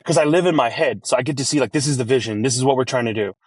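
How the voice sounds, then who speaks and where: A man who owns a restaurant, talking as a podcast guest in an energetic, rambling way and acting out his own quoted lines. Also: mid-range voice, racing, husky, no room sound. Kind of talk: casual podcast interview.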